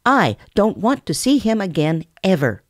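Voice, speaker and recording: A woman's voice: lowish voice, sing-song, measured pace, no room sound, clean studio sound, pitched above the performer's own voice. A sniffy, scornful bear cub, put on by a woman. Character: sulky young male bear cub.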